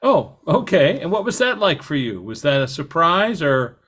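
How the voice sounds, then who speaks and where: Fairly high-voiced man hosting a podcast. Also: sing-song, fairly bright tone, breathy edge. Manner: halting, with many fillers and restarts. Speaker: podcast host. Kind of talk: conversational interview.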